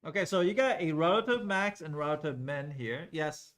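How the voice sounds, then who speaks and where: A man leads a live classroom calculus lesson, his voice sitting a bit high. He talks loosely and conversationally, pausing often to check whether the students are keeping up. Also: fairly bright tone. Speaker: calculus teacher.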